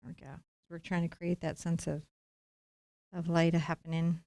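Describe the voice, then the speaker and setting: A woman's voice: on the low side, level tone, moderate pace, dark tone, dry recording. Encouraging woman teaching painting, dry sound. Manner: encouraging, playful, talks to viewers directly. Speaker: painting instructor. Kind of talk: live-streamed painting lesson.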